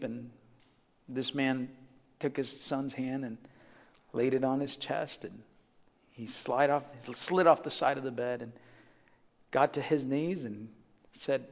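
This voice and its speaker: A man preaching a sermon, moving from a soft, quiet story to emphatic preaching. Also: medium pitch, in a large hall.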